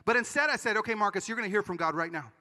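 A man giving an energetic conference sermon, telling stories with quick asides. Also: sits high, big-room sound. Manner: animated storytelling with quick asides. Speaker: conference speaker. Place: large conference hall.

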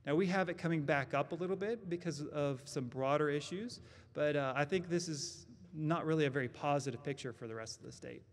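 A man's voice: fairly high pitch, fairly quick. A man giving a conference presentation on an employment forecast at a podium microphone, explaining points and checking in with the audience with "right?". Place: conference hall at a lectern.

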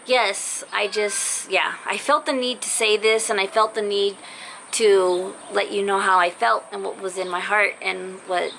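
A young vlogger in a car speaks to her viewers casually and sincerely, apologizing and rambling with fillers. Her voice is medium-pitched, creaky, and fairly bright, cutting in and out because she's been sick. The poor audio carries slight background noise.

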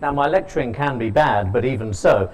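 A man's voice: medium pitch, a little fast, a little hiss or hum, poor audio. Man giving a dry-humored keynote. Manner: storytelling, quizzes the audience, dry humor. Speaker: keynote speaker. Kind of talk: conference lecture. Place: conference hall.

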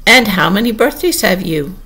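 A woman's voice: mid-range voice, lively intonation, normal speed, breathy edge. A woman reading an audiobook and voicing a pompous, touchy egg-man perched on a wall, in a raised, blustering voice. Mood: lofty. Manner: blustering, haughty, loud. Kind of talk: audiobook character voice.

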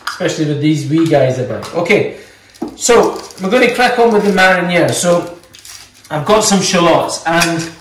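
A man's voice: fairly high pitch, a little hiss or hum. Scottish chef guy chatting thru a recipe at home, playful, kinda far from the mic in a really echoey kitchen with pans clanking. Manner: chatty, playful, joking with his kids between steps. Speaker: chef teaching home cooking. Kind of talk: casual cooking demonstration.

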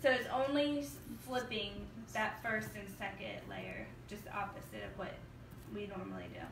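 A woman's voice: mid-range voice, expressive, moderate pace, vocal fry. A young woman hosting a nail salon livestream in a casual chatty way, reading viewer comments aloud. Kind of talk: casual livestream chat and demo. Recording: echoey room, distant mic, noisy.

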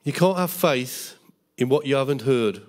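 A man's voice: mid-range voice, expressive, normal speed. A middle-aged man preaching a Bible school sermon as pastor, fervent, with tag questions and jokes.

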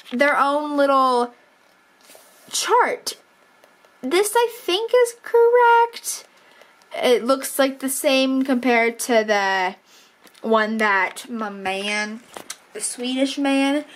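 A woman's voice: sits high, slight background noise. An eighteen-year-old woman vlogging in a casual, rambling, self-deprecating way, full of filler words. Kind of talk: casual vlog chat.

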